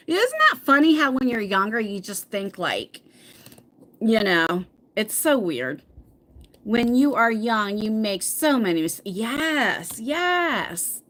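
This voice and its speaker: A chatty middle-aged woman hosting a relaxed live chat with viewers. Her voice sits fairly high and swings a lot as she talks. She laughs easily and trips over her words. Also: measured pace. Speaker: livestream host reading viewer comments. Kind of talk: casual chat.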